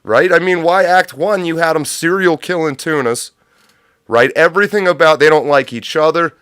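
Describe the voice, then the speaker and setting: A man's voice: fairly high pitch, moderate pace, fairly bright tone, clean tone, dry recording, studio quality. Profane ranting livestream host, man. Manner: profane, sarcastic, rambling. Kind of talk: unscripted livestream rant.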